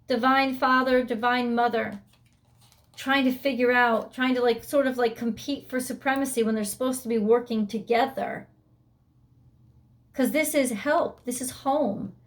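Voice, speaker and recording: A woman's voice: a little high, fairly even intonation, a little slow. A woman giving a weekly tarot reading, speaking bluntly and emphatically, swearing freely and voicing the listener's thoughts. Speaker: tarot reader.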